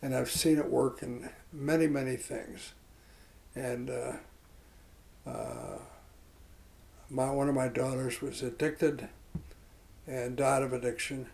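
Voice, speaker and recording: Gravelly older man telling stories. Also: mid-range voice, lively intonation, a little mellow, poor audio. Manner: rambling, halting with fillers and restarts. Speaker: interviewee. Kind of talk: reflective storytelling.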